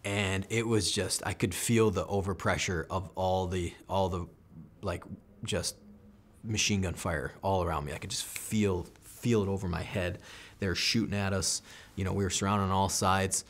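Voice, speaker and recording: A man's voice: sits low, fairly even intonation, moderate pace, a little hiss or hum. An American man in his thirties, a military veteran, telling an intense first-person combat story in an interview, acting out what people said. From United States. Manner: intense first-person combat recounting, acts out quoted lines.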